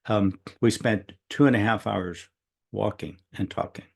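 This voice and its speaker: A middle-aged man tells a long personal story in a casual, rambling, conversational way, often quoting others at length. His voice is lowish, gravelly, husky, and darkish in tone. He keeps a steady tone at a slightly slow pace.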